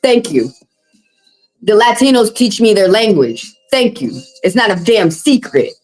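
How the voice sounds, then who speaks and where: A woman's voice: medium pitch, sing-song, unhurried, darkish tone, faint music behind, low-quality recording. A woman tarot reader on a livestream, ranting in a heated, blunt and profane monologue.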